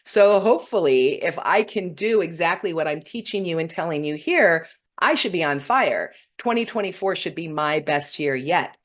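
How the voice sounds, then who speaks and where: This middle-aged woman talks to her viewers in an earnest, heartfelt way, her voice sitting a little low. She gets emotional as she speaks about spirit and intuition, coaching the listener with gentle encouragement. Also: animated, moderate pace. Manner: earnest, warm-hearted, often tearful when moved. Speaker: spiritual teacher hosting a weekly broadcast.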